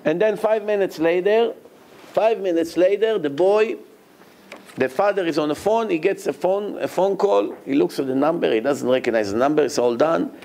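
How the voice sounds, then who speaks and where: Rabbi preaching in broken english, voice on the high side, jumps up loud when he acts out people. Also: normal speed, vocal fry. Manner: animated, acts out quoted dialogue in a raised voice; non-native English with grammar slips. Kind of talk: Torah lecture.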